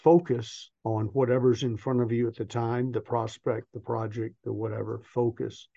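A man's voice: mid-range voice, little pitch movement, moderate pace, gravelly, dark tone, dry recording, highs cut off. An older man, a sales trainer, telling folksy anecdotes as a podcast guest. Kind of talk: storytelling interview.

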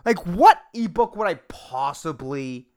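Comedian guy on his own podcast, goofy aggressive delivery, pitch jumps all over, swears a lot. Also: lively intonation, unhurried, darkish tone. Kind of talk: casual solo podcast talk.

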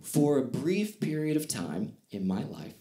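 A man's voice: medium pitch, sing-song, a little slow, warm tone, echoey room. A man performing a stand-up comedy set, telling stories with self-deprecating, wry asides.

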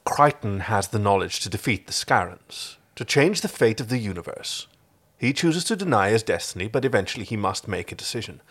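A man's voice: lowish voice, expressive, a little fast, a bit bright, slightly rough. A man voicing a cold, scheming male alien warlord in a fan fiction reading, with an earnest, declamatory delivery. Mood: solemn.

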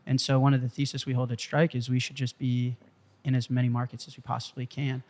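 A young man, a startup founder being interviewed, telling a story in an animated way and swearing freely. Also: medium pitch, a little fast. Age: young adult. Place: studio in Malibu.

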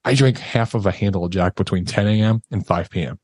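A man's voice: fairly low pitch, fast, darkish tone, slightly rough, no room sound. A man, a podcast guest, telling a raw, emotional personal story and swearing casually as he talks.

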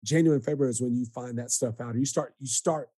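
A man hosting a podcast with a mellow, warm tone, recorded close and dry with no room around him. He speaks in an easygoing way, often stalling and repeating words before he finds his point. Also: mid-range voice, slightly rough, dry recording. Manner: easygoing, halting with restarts. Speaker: podcast host. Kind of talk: casual podcast interview.

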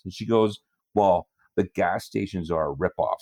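A man from Canada tells a story on a casual podcast, his voice on the low side but swinging widely in pitch. He sounds exasperated and animated, laughing as he goes. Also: normal speed. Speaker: podcast co-host. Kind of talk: casual chat.

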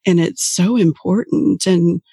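Husky, gravelly woman, dry mic. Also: fairly low pitch, measured pace, warm tone, dry recording. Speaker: podcast host. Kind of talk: casual podcast talk.

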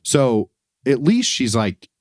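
A man's voice: mid-range voice, big pitch swings, takes it slowly, dry recording, clean studio sound. A man co-hosting a podcast, telling an angry story about customer service calls, cursing and acting out both sides of the phone conversations. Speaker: podcast co-host. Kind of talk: casual chat, ranting story.

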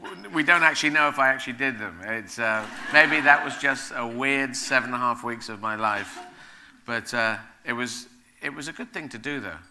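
A man speaking as a guest onstage at a live event, rambling and animated, often laughing as he talks. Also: mid-range voice, moderate pace, crowd noise.

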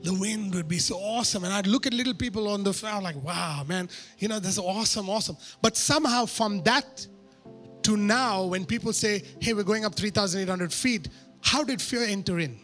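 A man preaching a sermon through a personal story, animated and poking fun at himself. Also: sits high, fairly quick, faint music behind. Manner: animated, self-mocking humor.

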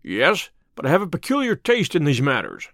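A sharp, self-assured detective talks in a brisk, dry way, as a man reads him in an audiobook. The voice sits a little high and moves a lot in pitch. The sound is close and dry. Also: huge pitch swings, dry recording, exaggerated voice. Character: sharp, wry male detective, brisk and confident. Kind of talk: audiobook character reading.

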